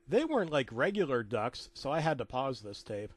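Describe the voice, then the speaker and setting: A man narrates a comic horror story in a mid-range voice, dropping rambling deadpan asides and tripping into restarts. His sound is close and dry, with no room echo. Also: medium pitch, moderate pace, few pauses. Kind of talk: comedic creepypasta narration.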